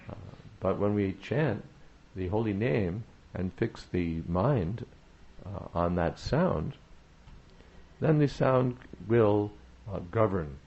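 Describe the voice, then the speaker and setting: A man with a very low, gravelly voice gives a devotional talk, measured and full of "uh" pauses and repeated phrases for emphasis. The recording sounds a little dull, with faint hiss behind him. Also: warm tone. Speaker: spiritual teacher.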